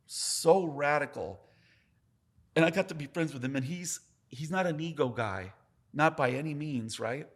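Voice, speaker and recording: A man, a tattoo artist, telling stories in a casual podcast chat, emphatic and full of swearing. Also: mid-range voice. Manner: profane, emphatic, talks with his hands about craft.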